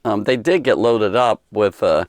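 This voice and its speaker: A man's voice: lowish voice, a little slow, no echo. A man giving a casual Bible lesson for kids, rambling and conversational with many fillers and restarts. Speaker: Bible teacher.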